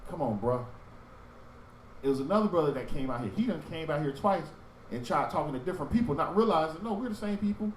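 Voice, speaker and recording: A man teaching a religious group in sermon style, with animated storytelling that acts out street talk. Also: fairly high pitch, quick pace, reverberant, far from the mic, a little hiss or hum, rough recording.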